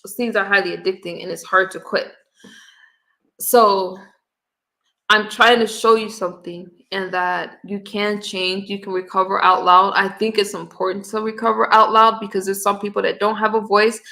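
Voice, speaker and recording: Woman on a livestream, kinda gravelly, bright voice, earnest and almost crying. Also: medium pitch, level tone, normal speed. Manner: earnest, talks straight to her chat. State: holding back tears. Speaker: livestream host. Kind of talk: emotional casual livestream talk.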